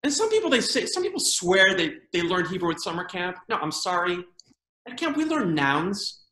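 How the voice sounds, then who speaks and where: A man performing a stand-up comedy routine, with lively delivery and funny voices for quoted people. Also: sits high, moderate pace. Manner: animated joke-telling with funny put-on quoted voices. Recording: roomy echo.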